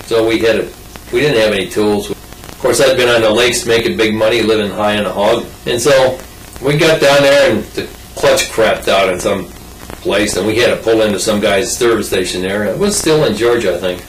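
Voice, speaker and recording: A man's voice: on the low side, moderate pace, recorded from a distance, slight background noise. An older man telling a rambling, folksy personal story in casual oral-history style, full of restarts and asides. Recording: roomy sound from off mic.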